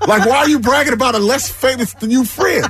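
A man co-hosting a sports radio show with a husky voice, teasing bluntly and playfully arguing the other side. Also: very high-pitched, fast talker, a bit bright. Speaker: radio co-host. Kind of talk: casual studio banter. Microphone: studio microphone.

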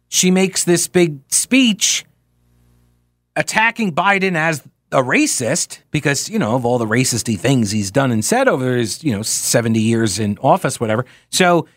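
A man hosting a talk radio show. He reads out listener emails and answers them with a sarcastic, mocking edge. His voice sits a little high and sounds dry and close in the studio. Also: fairly bright tone, no room sound.

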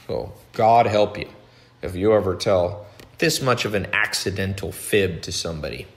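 A man with a fairly low voice holds forth on his podcast in a casual monologue. He talks bluntly and with energy, swinging between loud stretches and low ones. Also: normal speed. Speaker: podcast host.

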